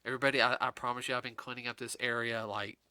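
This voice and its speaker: A man's voice: medium pitch, little pitch movement, racing, sharp tone, clean tone, no echo. A man hosting a podcast, chatting casually about films in a rambling way, full of fillers and restarts, and teasing his co-host.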